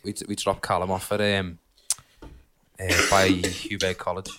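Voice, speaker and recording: A man's voice: low-pitched, flat delivery, unhurried, heavy background noise. A young man with a Liverpool accent chatting casually and swearing freely on a podcast. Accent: Liverpool (Scouse). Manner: swears freely, chatty, rambling, laughs often. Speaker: podcast co-host. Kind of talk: casual chat.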